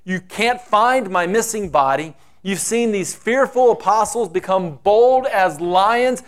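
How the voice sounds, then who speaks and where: A man's voice: high voice, lively intonation, slow pace. A man preaching a sermon, acting out the quoted voices with dramatic shifts. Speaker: pastor.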